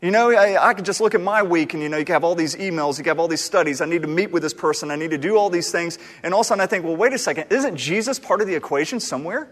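A male pastor with a somewhat raised pitch delivers a sermon in a loose, conversational way, often stumbling and restarting his sentences. His voice carries a long reverb, as if he were speaking in a large hall. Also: racing, few pauses. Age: adult, married. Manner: conversational, animated, with frequent restarts.

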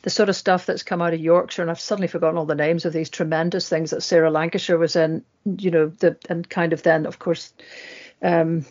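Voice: mid-range voice, level tone, darkish tone. Chatty co-host on muffled audio. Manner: chatty, rambling, quick asides. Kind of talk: casual discussion.

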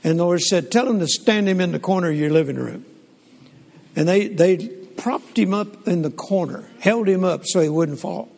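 An older man, telling stories in a folksy, animated sermon with frequent restarts. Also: high voice, moderate pace, vocal fry. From Southern United States. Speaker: preacher. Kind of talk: sermon storytelling. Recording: long hall reverb.

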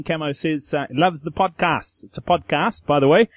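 A man's voice: on the high side, normal speed, few pauses, no echo. A man hosting a podcast, reading out a listener's question in an upbeat, casual way. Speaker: podcast host.

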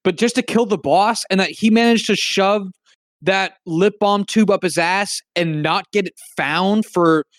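A person co-hosting a casual film chat, talking in an animated, incredulous, profane way. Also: mid-range voice, unhurried, dry recording, clean studio sound.

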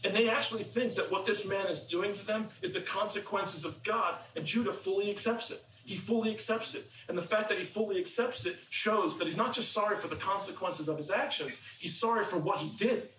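A man's voice: sits high, brisk, few pauses, fairly bright tone, roomy sound, far from the mic, slight background noise, poor audio. A man preaching a sermon, telling a story conversationally and acting out what the people in it say. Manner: conversational storytelling, acts out quoted characters.

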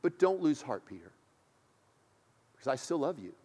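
A male preacher voicing a loving male teacher who reassures a friend gently and slowly. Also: a little high, very animated, pitched below the performer's own voice. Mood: tender. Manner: gentle, slow and tender. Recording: long hall reverb.

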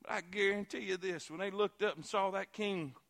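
A man preaching a sermon in a church, fervent and repetitive, building to shouts. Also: high-pitched, steady tone, brisk, noisy background.

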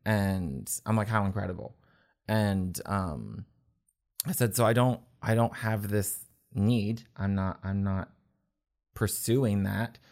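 A man telling his personal faith story in an earnest, halting way, with many restarts. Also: on the low side, gravelly, a little mellow. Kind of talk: personal testimony in conversation. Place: indoors at a table.

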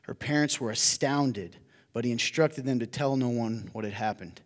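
A male pastor preaching a sermon, moving between hushed storytelling and loud, emphatic appeals to the congregation. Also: medium pitch, normal speed, in a large hall. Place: church hall.

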